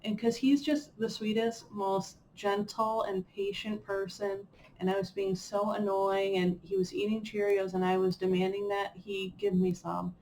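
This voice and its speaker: A woman's voice: medium pitch, mellow, a little hiss or hum. A young woman vlogging in a chatty, rambling way with fillers and playful self-mockery. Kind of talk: casual chat reviewing a personal year.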